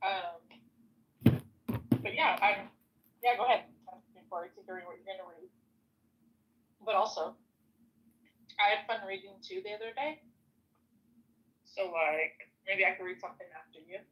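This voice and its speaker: A woman's voice: mid-range voice, normal speed, pauses often, dull audio. A young adult woman chatting casually on a podcast, hesitant and shy. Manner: shy, soft-spoken, hesitant. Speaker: podcast guest reader. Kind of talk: casual chat.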